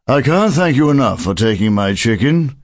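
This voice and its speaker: A man's voice: mid-range voice, big pitch swings, moderate pace, no room sound. A man playing a tired, polite traveling magician. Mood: weary. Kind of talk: audiobook character voice.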